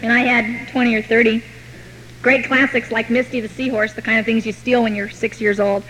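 A woman telling her own recovery story to a meeting, with wry, deadpan humor. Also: on the high side, a little fast, a little hiss or hum, low-quality recording. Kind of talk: personal recovery story told to an audience.

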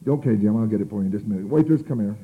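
A man quoting a calm, firm sponsor who speaks steadily and matter-of-factly, on a tinny, phone-like old tape. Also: fairly low pitch, rapid-fire, natural voice. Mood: wry.

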